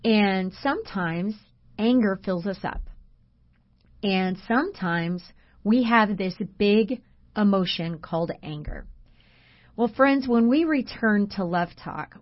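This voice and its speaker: A woman co-hosts a faith-based radio talk show from the studio and tells stories earnestly, with plenty of "um"s and restarts. Her voice sits at a middle pitch. The broadcast audio sounds a little dull. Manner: earnest, warm storytelling with frequent fillers. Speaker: radio show co-host and coach.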